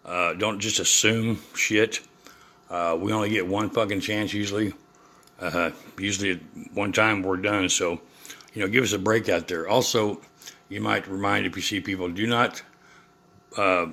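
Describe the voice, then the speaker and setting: A man's voice: low-pitched, fairly even intonation, moderate pace. An older man hosting his own podcast, talking in an unscripted, rambling rant full of swearing and fillers. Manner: profane and rambling, with many fillers; gets loud and heated when quoting himself. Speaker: podcast host.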